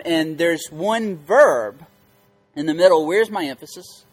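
Male pastor, slightly raised pitch, teaching scripture with strong stress and questions to the room. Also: animated, unhurried. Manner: emphatic, repeats key words and quizzes listeners. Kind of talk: interactive Bible teaching.

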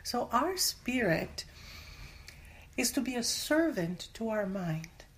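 A woman's voice: fairly high pitch, very animated, slow pace, slight background noise. A woman giving a casual Bible teaching in conversation, earnest, sometimes dropping to a whisper for emphasis. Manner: acts out everyday voices when quoting. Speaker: Christian teacher.

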